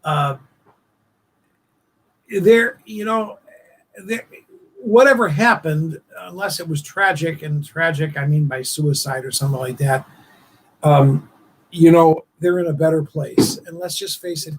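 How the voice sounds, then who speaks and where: A man hosting a casual live-stream chat show, rambling and emotional with many halting restarts. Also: a little high, lively intonation, slight background noise, low-quality recording. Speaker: host of a live online talk show.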